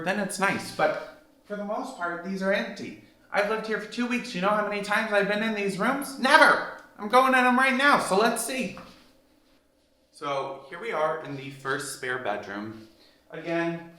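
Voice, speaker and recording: A man with a bright, slightly high voice gives an emphatic, sassy house tour, speaking right to the viewer. The sound bounces around bare indoor rooms. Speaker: vlog host giving a house tour. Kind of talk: casual house-tour vlog. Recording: roomy echoey rooms.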